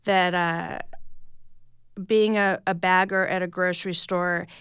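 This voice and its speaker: A woman's voice: on the low side, fairly even intonation, slow, a bit bright, clear, resonant tone, dry recording, studio quality. A middle-aged woman, an author talking candidly and reflectively in a radio interview, often restarting her sentences. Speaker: author and guest.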